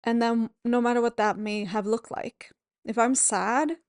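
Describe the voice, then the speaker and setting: A woman hosting a podcast as a yoga teacher, talking in a gentle, candid and reassuring way at home. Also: a little high, steady tone, a little slow, no echo, clean studio sound. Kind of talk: reflective solo podcast talk. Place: at home at a table.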